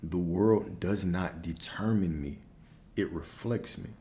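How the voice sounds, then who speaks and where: Deep mellow guy hyping up affirmations, repeats stuff with punch. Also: takes it slowly. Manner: emphatic, repeats affirmations with rising intensity. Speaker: spiritual coach. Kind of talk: motivational talk on affirmations.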